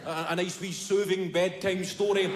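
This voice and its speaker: A Scottish man in his thirties delivering stand-up, with a high-pitched voice and a faint hiss behind him. He tells his story in an animated, profane way. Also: normal speed. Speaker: stand-up comedian. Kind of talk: stand-up comedy.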